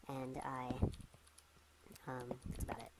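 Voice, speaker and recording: A woman's voice: very deep voice, flat delivery, slow pace, heavy background noise. A sleep-deprived young woman rambling to herself as she gives casual gameplay commentary. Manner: rambling, talks to herself, restless. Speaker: gamer.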